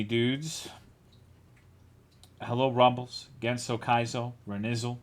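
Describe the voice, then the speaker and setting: Tipsy, tired streamer chatting with viewers. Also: male voice, medium pitch, unhurried, fairly bright tone. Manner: loose, joking, swearing, teasing chat. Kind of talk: casual stream chat, greeting viewers.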